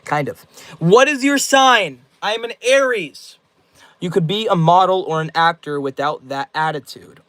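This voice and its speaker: A man's voice: high-pitched, lively intonation, moderate pace, a bit bright, no room sound, rough recording. A young man hosting a casual livestream, reading viewer comments aloud and answering them in loose, slangy rambles. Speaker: livestream host.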